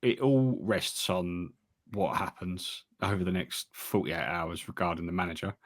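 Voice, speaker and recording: A man co-hosting a casual football podcast, talking in a wry, halting way with frequent restarts. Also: low voice, steady tone. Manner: wry, hesitant, trails off and restarts. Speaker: podcast co-host.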